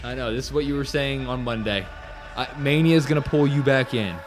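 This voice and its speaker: A man's voice: medium pitch, a little fast, music in the background. A man hosting a casual live stream, chatting loosely, reading out viewer comments and grumbling as he sets things up. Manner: chatty, reads viewer comments aloud, grumbles about tech. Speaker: livestream host.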